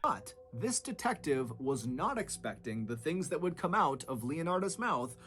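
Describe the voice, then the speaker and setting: A man narrating a true crime story with dramatic shifts in pitch and loudness. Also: big pitch swings, moderate pace.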